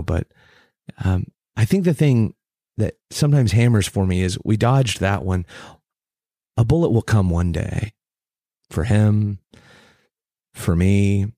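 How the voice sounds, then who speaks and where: A man's voice: deep voice, vocal fry, a little mellow, no echo, clean studio sound. A man who is a teacher and speaker, telling a personal story in a conversation in an earnest, reflective and intense way.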